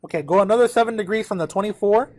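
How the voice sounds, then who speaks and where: A man teaching a math class, his voice sitting a little higher than most men's. He works through the problem out loud, counting numbers and checking in with the students as he goes. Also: rapid-fire. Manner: talks to students directly, counts out loud, thinks aloud. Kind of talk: lesson working through a problem aloud.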